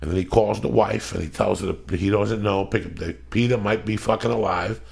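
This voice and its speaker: Gravelly husky new guy hosting a podcast, swears nonstop, acts out scenes. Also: on the low side, brisk. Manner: loud, swearing, acts out movie lines. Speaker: podcast host. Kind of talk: profane storytelling rant.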